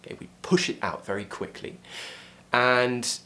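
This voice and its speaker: A man with a British RP accent teaching an online pronunciation lesson, clearly modelling vowel sounds. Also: mid-range voice, fairly even intonation, a little slow, bright, forceful tone. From Britain.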